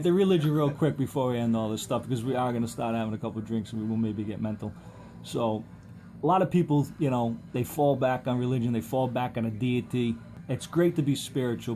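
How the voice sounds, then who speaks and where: A man's voice: medium pitch, a little fast, warm tone. A man hosts a loose podcast interview, eager and chatty. He keeps chiming in to agree and swears casually. Faint noise sits under his voice. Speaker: podcast host.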